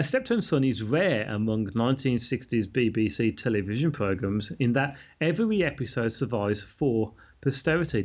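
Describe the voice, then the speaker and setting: A man's voice: mid-range voice, a little mellow. Man reading notes on a lo-fi podcast. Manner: reads notes with many ums and uhs. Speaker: podcast host. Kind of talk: casual chat, reading facts aloud. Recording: slightly dull lo-fi sound.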